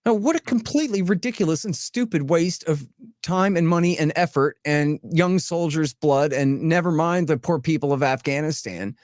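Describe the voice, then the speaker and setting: A man's voice: on the high side, dry recording, studio quality. Emphatic, blunt man with a raised voice. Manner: emphatic, blunt and animated, piling up rapid lists; mocking tone when voicing opponents. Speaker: guest. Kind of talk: casual podcast conversation.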